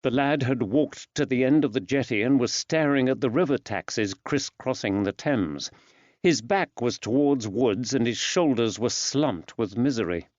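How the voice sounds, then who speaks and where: A man narrating an audiobook in a measured, even storytelling delivery. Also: medium pitch, no room sound. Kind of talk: scripted narration. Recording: dull dry studio sound.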